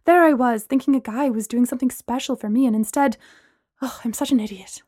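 A woman voicing a hurt young woman who bursts out in sharp, rising outbursts. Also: on the high side, fairly quick, dry recording, clean studio sound, natural voice. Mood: upset.

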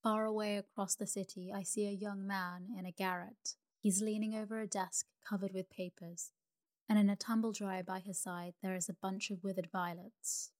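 A woman voicing a gentle, sorrowful male prince statue in a calm, tender reading for a storybook. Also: mid-range voice, natural voice.

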